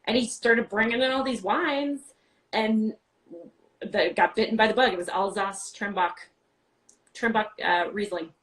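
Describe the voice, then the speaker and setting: Chatty, animated woman from New York. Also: mid-range voice, rough recording. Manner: chatty, animated, quick asides with lots of "like". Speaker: guest, wine podcast host. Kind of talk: casual interview chat. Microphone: video call.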